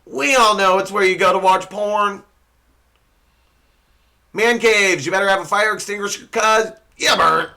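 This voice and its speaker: A man's voice: high voice, moderate pace, pauses often, pushed and bright. A young man hosting a comedy show, delivering a sarcastic scripted roast monologue and laughing at his own slips.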